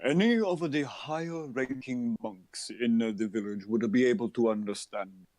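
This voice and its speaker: A man voicing a polite frog-folk village monk who speaks in a slow, courteous way. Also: mid-range voice, darkish tone, no echo, lightly acted. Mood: calm, polite.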